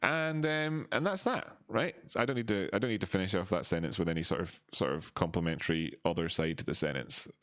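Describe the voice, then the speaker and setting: A man's voice: deep voice, lively intonation, fairly quick, hardly any pauses, fairly bright tone, clear, resonant tone. A man from Scotland, hosting a crypto livestream in a rambling, self-mocking chat while reading viewers' messages aloud.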